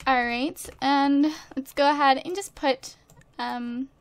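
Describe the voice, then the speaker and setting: A woman's voice: sits high, fairly even intonation, slow, no room sound. A woman casually commenting while she plays a life-simulation game, bubbly and chatty, gushing to her viewers and laughing often, into a desk microphone. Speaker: gaming YouTuber. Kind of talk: casual let's-play commentary. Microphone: desk USB microphone.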